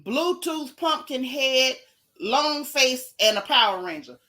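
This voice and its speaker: An exasperated woman rants on a livestream, hammering her points home with repetition. She speaks, with a bright, slightly high voice. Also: animated, slow pace. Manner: exasperated, emphatic, dramatic repetition. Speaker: podcast host. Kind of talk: casual livestream rant.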